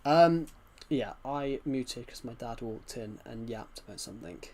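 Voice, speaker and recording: A young man streaming a game, talking in a soft, quiet, subdued voice as he chats casually. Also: medium pitch, measured pace, slight background noise. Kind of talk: casual gameplay commentary.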